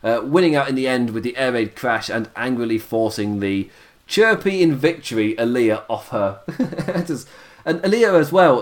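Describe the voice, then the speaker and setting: Tired, chatty man. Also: medium pitch. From United Kingdom. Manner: chatty, laughs often, many fillers. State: tired, voice going. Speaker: podcast host reviewing wrestling. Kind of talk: casual chat.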